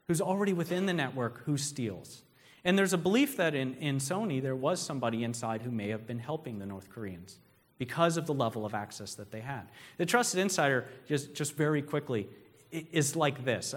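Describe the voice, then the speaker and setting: A man giving a conversational keynote talk, telling stories and putting questions to the audience. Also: mid-range voice. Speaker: speaker. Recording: long hall reverb.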